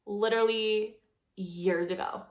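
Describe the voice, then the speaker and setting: A woman's voice: mid-range voice, steady tone, unhurried. A young woman, chatting casually to viewers as she cleans and tidies her home. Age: young adult. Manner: chatty, talks to viewers while tidying. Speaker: lifestyle vlogger. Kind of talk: casual cleaning vlog chat. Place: home, bathroom and closet. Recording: echoey room.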